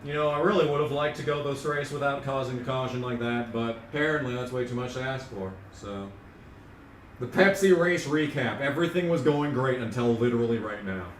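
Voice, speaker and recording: A young man with a medium-pitched voice speaks briskly over a racing game stream, ranting and joking with sarcastic, profane comments. It's casual gaming commentary, recorded with echo, a far-off mic and faint noise.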